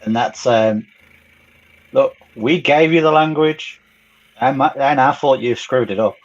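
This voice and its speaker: Guest, dry teasing banter, dull lo-fi sound, mid pitch. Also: male voice, measured pace. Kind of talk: casual chat on a live stream.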